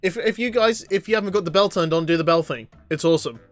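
Excitable young man streaming a game. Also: on the high side, fast talker, faint music behind. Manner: excitable, reads chat questions aloud and answers them, frequent laughter and outbursts. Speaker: gaming livestreamer. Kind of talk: live gameplay commentary.

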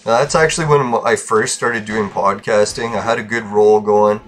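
A man's voice: lowish voice, fairly even intonation, normal speed, soft background music. A man podcasting alone, venting bitterly in a casual, profane rant. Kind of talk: casual ranting monologue.

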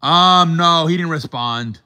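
A man's voice: a little high, takes it slowly, sharp tone. A man hosting a casual live show, joking and mock-offended with callers, sprinkling in Spanish words. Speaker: show host.

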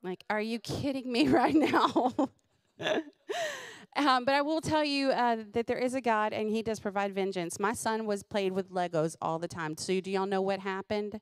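Animated middle-aged woman comedian. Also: mid-range voice, clean tone, no room sound, studio quality. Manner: animated, laughing, self-deprecating. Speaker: comedian host. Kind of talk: stand-up storytelling.

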